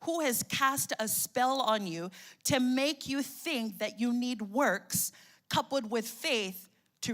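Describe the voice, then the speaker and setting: A woman pastor preaching a lively call-and-response sermon. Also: on the high side.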